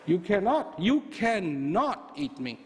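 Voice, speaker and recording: A man voicing a small male bunny who is frightened but clever, talking in hushed, urgent tones as he bluffs. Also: high voice, very animated, takes it slowly, big-room sound, slight background noise, exaggerated voice. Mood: bluffing.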